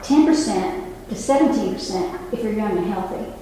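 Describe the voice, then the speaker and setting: A woman's voice: medium pitch, lively intonation, normal speed, mellow, slight background noise. A woman over sixty-five, a nurse, giving an earnest public talk to an audience and turning to the room with asides and questions. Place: library meeting room. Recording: echoey hall, mic from a distance.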